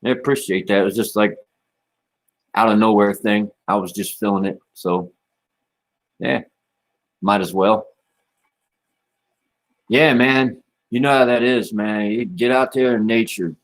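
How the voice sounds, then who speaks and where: A man's voice: lowish voice, unhurried, long pauses. A man hosting a casual livestream, talking in a laid-back, rambling way and dropping "man" and "you know" often. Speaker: livestream host.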